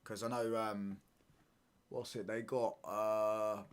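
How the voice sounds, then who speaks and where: A man's voice: fairly low pitch, flat delivery, slow, background noise. Young man, football watchalong streamer, casual chatty talk, keeps checking you follow. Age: 20s. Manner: chatty, keeps asking "do you get what I'm saying?". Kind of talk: casual live-stream chat.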